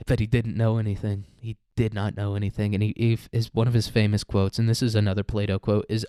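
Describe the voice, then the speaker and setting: A man's voice: lowish voice, level tone, fast, hardly any pauses, dark tone, clear, resonant tone, no echo, studio quality. A man ranting in a rambling, profane comedic monologue, tossing in "dude" and "man" often. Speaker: comedic commentator.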